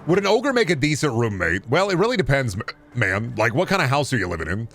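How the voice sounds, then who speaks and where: Guy streaming games, rough gravelly voice, swearing and riffing on dumb bits, bouncy pitch. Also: big pitch swings, quick pace, a bit bright. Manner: joking, profane, riffing on absurd bits. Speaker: game streamer. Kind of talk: casual live-stream chat while gaming.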